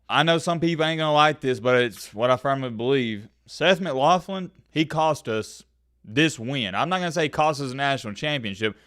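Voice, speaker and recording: A man's voice: medium pitch, fairly bright tone, no room sound, studio quality. A young man giving a frustrated, emphatic sports rant as a vlogger.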